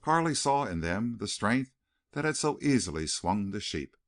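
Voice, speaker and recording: A man narrating a western novel as an audiobook, reading in an expressive, dramatic way. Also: fairly low pitch, moderate pace. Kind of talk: scripted narration.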